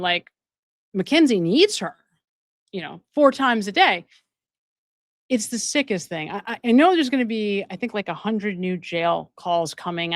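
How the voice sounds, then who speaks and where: A woman who's an addiction counselor hosts a live stream, reading out viewer donations and commenting on them. Her mid-range voice comes through with clean studio sound and no echo, and she repeats phrases for emphasis.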